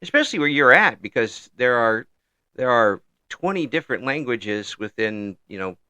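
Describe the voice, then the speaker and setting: A man hosts a relaxed interview, talking haltingly with frequent restarts and easy laughs. His mid-pitched voice sounds bright and forward. The recording is close and dry. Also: clean tone, no room sound, lo-fi sound. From United States. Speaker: interview host. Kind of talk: casual interview chat.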